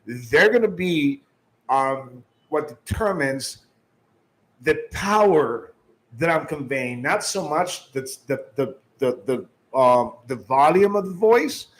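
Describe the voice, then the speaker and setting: A man's voice: on the high side, lively intonation, slow pace, low-quality recording. A man giving sales training, emphatic, restarting often and shifting his tone and volume to demonstrate.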